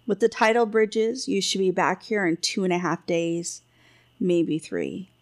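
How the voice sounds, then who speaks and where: Brief: gruff old storybook king, grumbling and commanding, gravelly edge, read by a woman. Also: fairly low pitch, expressive, a little slow. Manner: grumbling, then commanding orders. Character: gruff jovial old king, blunt and impatient.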